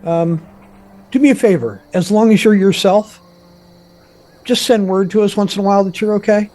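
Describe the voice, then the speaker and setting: A man's voice: high-pitched, normal speed, a little mellow. A man playing in a tabletop game, describing his character's actions in a hesitant, stop-start way. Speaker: player. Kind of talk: casual tabletop play.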